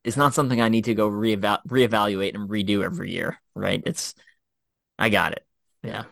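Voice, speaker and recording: A middle-aged man recalls his training days in a relaxed podcast conversation. His voice sits fairly low and sounds close and dry. He tells stories animatedly, with frequent fillers and self-corrections. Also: brisk, creaky, no room sound. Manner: animated storyteller, many fillers and restarts. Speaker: former Special Forces officer, guest co-host. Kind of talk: casual podcast chat, storytelling.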